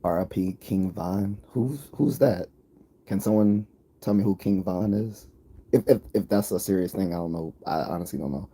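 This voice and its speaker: Male livestream host, East Coast accent; low, mellow, husky voice; rambling, opinionated chat with viewers. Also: moderate pace.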